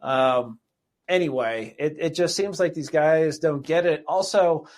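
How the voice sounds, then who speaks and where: A man's voice: on the high side, unhurried, darkish tone. Wry podcast host man. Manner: wry, sarcastic, many ums. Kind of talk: casual podcast talk.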